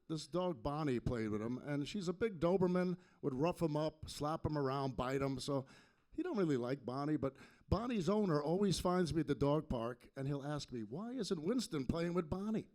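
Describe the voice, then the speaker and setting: A high-pitched man works a comedy club crowd with a stand-up set. He lands his punchlines in a deadpan way, speaking into a handheld stage mic. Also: fairly quick. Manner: deadpan punchline delivery with sung parody bits.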